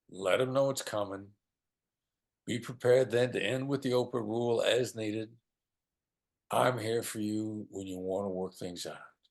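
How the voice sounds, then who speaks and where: A man speaking as a guest on negotiation, explaining with emphasis and sometimes slowing into a soothing, calm voice. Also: lowish voice. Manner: emphatic, drops into a slow soothing voice to demonstrate. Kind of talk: lively explanatory talk.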